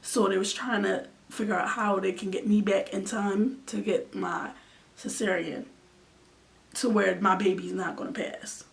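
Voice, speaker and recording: A vlogger in her twenties tells an emotional storytime earnestly, sometimes dropping to a near-whisper. Her creaky, medium-pitched voice has fairly even intonation and a measured pace, picked up by a distant mic with faint background noise.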